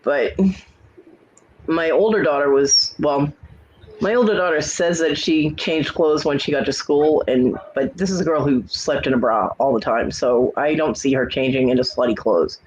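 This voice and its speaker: A woman's voice: low-pitched, normal speed, highs cut off, noisy background. A woman host in casual chat, bluntly telling salty family stories with a laugh.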